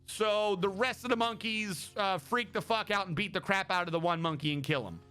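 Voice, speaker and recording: A man livestreaming in casual chat, rambling excitably and swearing freely as he talks. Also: high-pitched, brisk, clear, resonant tone, faint music behind.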